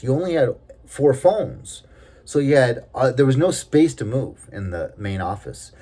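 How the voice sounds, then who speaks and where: A man's voice: mid-range voice, a little mellow. A man telling a personal story in a casual, rambling way, with growing indignation and plenty of fillers. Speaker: storyteller recounting a workplace experience.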